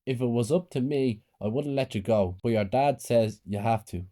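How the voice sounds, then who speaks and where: A man's voice: medium pitch, normal speed, mellow, natural voice. A man voicing a harsh stepmother who scolds a child sharply. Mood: scolding.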